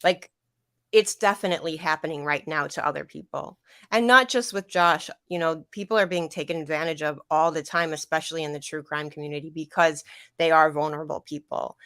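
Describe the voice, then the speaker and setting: A young adult woman speaks in a fairly low voice, picked up dry and close. She tells a painful personal story in a rambling way, circling back and repeating phrases, and her voice catches with emotion. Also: steady tone, a little fast, fairly bright tone, no echo. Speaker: guest. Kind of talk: emotional personal account on a livestream.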